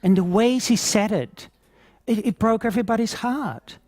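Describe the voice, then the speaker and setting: A man teaching Reiki at a conference, telling stories in a lively, laughing way and acting out scenes as he talks. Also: sits high, normal speed, no room sound, clean studio sound. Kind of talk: conference talk with anecdotes.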